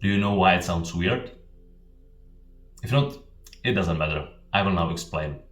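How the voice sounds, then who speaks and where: A man's voice: sits low, moderate pace, recorded from a distance. A man giving an explanatory language lesson as a teacher, talking emphatically and repeating his key points. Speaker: Japanese teacher. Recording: roomy, off-mic, faint music. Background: faint background music.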